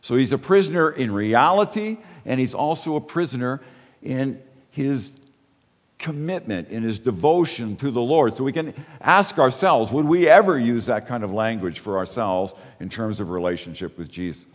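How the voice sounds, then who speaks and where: A man's voice: medium pitch, expressive, normal speed, long reverb tail. A man preaching a sermon as a pastor, earnest and asking the congregation rhetorical questions.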